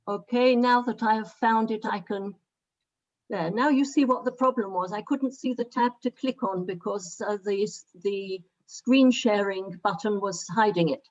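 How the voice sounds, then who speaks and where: A woman's voice: medium pitch, darkish tone. Woman hosting a muffled video call. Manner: halting, full of fillers while fixing settings. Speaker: event host. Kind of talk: online meeting moderation.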